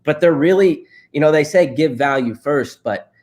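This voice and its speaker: A man's voice: fairly high pitch, moderate pace, a little mellow. Man telling stories in an interview. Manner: storytelling, laughs often, frequent fillers. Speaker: interview guest, real estate investor. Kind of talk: casual interview chat.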